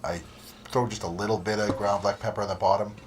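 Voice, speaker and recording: A man's voice: fairly low pitch, steady tone, fast. A man hosting a cooking show, chatting casually and rambling easily, with frequent laughs, in a community TV studio. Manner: easygoing, rambling, laughs often. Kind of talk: casual chat over cooking footage. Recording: noisy community TV studio audio.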